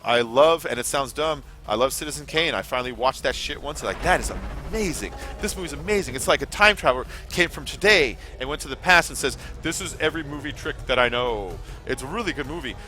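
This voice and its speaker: A man's voice: mid-range voice, expressive, quick pace, few pauses, bright, forceful tone, slight background noise. A young man hosting a casual gaming livestream, rambling, swearing freely and answering chat as he plays.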